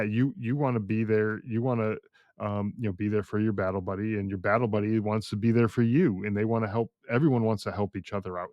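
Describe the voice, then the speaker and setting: Man, podcast host, lowish voice, thoughtful hesitant chat, dry sound. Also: dry recording, dull audio. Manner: thoughtful, hesitant, many "um"s and restarts. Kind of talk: casual podcast conversation.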